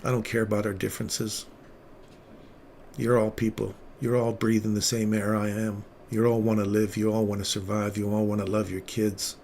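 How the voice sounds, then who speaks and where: A man hosting a casual livestream, once a paramedic, talking with earnest feeling and sometimes dropping his voice very low. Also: level tone, normal speed, a little mellow, a little hiss or hum. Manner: earnest, emotional storytelling, drops to near-whisper at tender moments. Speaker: livestream trading host, former paramedic.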